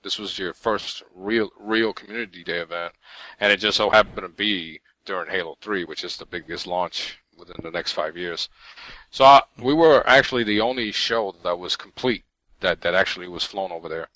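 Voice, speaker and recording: A man's voice: low voice, moderate pace, pushed and bright, no echo, low-quality recording. A man co-hosting a podcast, talking in a casual, rambling way with many restarts. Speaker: podcast co-host. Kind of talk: casual chat.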